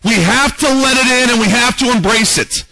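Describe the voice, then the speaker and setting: High-voiced, bright-toned preacher man. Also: normal speed, vocal fry, low-quality recording. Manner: dramatic, acts out quoted prayers and voices. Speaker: pastor. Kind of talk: sermon. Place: church.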